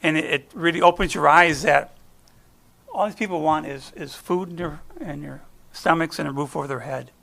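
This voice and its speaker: A middle-aged man from the United States gives a conversational guest sermon at normal speed, his voice a little high, creaky, pushed and bright. Folksy and chatty, he shares personal stories and often drops a sentence to restart it.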